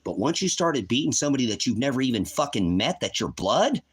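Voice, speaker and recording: A man's voice: mid-range voice, very animated, fast, slightly rough. A man hosting a livestream, ranting in a heated, profane, accusing way. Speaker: livestream host. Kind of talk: angry livestream rant.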